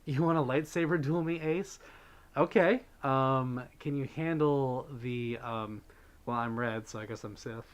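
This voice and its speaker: A man's voice: medium pitch, a little slow, clear, resonant tone. A man hosting a livestream, chatting casually with viewers, reading their messages and thanking donors, with plenty of fillers. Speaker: livestream host.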